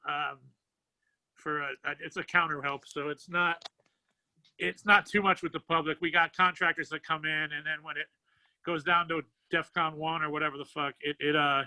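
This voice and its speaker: Bright-voiced comedian guest. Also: male voice, a little high, level tone, normal speed, dry recording, poor audio. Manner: rambling, laughs easily, swears. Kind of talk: casual comedic chat.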